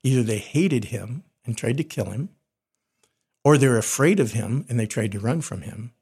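Husky-voiced chaplain man. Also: medium pitch, a little mellow. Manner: earnest, conversational, frequent restarts. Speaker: corporate chaplain. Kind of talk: podcast teaching talk.

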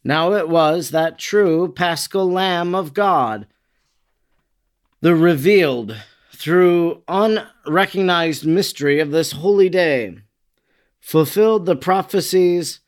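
Male reader, solemn devotional story, slightly high voice, dramatic delivery. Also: slow pace. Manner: solemn, dramatic, quotes voiced with raised pitch. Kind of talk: devotional reading.

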